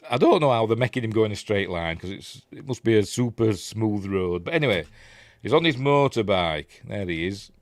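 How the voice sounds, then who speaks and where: A man's voice: lowish voice, lively intonation, a little fast, dry recording. A Yorkshire man giving a casual, rambling scene-by-scene commentary on a film, often correcting himself and chuckling. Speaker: film reviewer.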